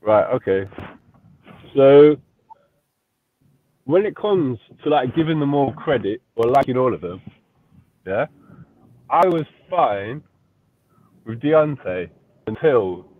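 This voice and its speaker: A man calling into a live chat, making a measured, deliberate argument. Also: mid-range voice. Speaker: guest caller. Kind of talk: casual debate. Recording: tinny phone-like line.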